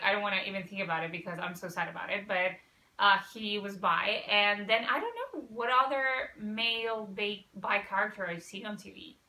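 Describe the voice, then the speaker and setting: A woman's voice: mid-range voice, bright, forceful tone, echoey room. A woman hosting a reaction video, chatting casually and gushing emotionally, on the verge of tears. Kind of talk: casual chat reacting to a TV episode.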